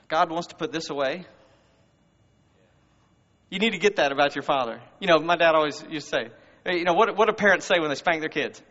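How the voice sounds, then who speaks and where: A man's voice: a little high, a little fast. Southern man preaching in a reverberant hall. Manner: conversational and emphatic, swings between loud and hushed. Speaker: guest speaker. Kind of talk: sermon. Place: church service. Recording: muffled reverberant hall recording.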